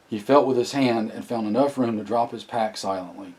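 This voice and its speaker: A man reading a novel aloud as narrator, often clearing his throat. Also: on the low side, moderate pace, a little mellow, low-quality recording. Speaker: audiobook narrator.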